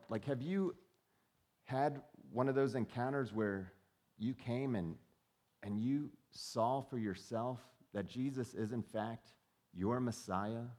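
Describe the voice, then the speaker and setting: A man's voice: on the low side, darkish tone, husky. A male pastor preaching in a conversational way and often putting questions to the congregation. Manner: conversational, asks the listeners questions. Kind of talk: sermon.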